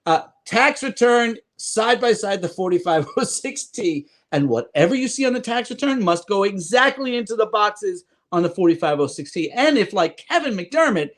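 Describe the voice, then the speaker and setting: A middle-aged man with a light Irish tinge in his speech, chatting casually at home as a podcast co-host. His voice rises and falls a great deal as he jokes and drifts off topic. He sits a little above other men in pitch. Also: moderate pace, hardly any pauses. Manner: joking, rambling, animated. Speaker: podcast co-host, loan adviser. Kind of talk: casual chat and advice.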